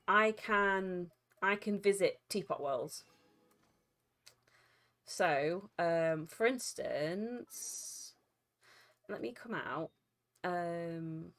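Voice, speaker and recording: Chatty, giggly woman streamer. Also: lowish voice. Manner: chatty, giggly, rambling with restarts. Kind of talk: casual live-stream chat with viewers.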